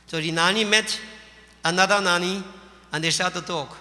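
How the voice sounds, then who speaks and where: Male Hindu preacher, Caribbean English accent, emphatic and folksy, very bright voice. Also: sits high, steady tone, moderate pace. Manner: folksy, emphatic, addresses listeners as devotees. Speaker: Hindu religious teacher. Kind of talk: sermon with storytelling. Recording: long hall reverb.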